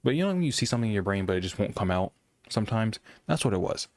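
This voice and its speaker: A young man with a low, monotone voice rambles through a casual monologue about gaming. He stumbles and restarts often, and the sound is close and dry. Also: no room sound. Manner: rambling, halting with many restarts. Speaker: gaming commentator.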